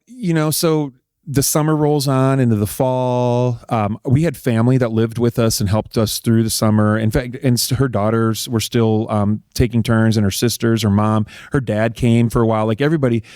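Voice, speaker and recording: A middle-aged man, an interview guest telling a personal story in a casual, animated way and acting out what people said. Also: mid-range voice, no room sound, studio quality. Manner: animated, acts out quoted dialogue. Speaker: interview guest, husband of a politician.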